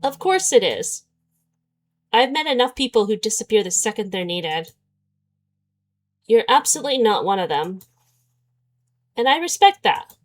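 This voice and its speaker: A woman reading as a calm, steady young man. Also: on the high side, normal speed, long pauses. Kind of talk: reading a visual novel aloud.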